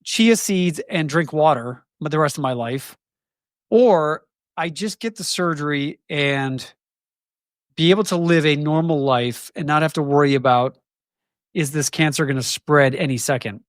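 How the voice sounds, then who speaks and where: A man in his forties speaking candidly as an interview guest, reflective and halting, often restarting sentences. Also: on the high side, no echo, clean studio sound. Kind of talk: candid conversation.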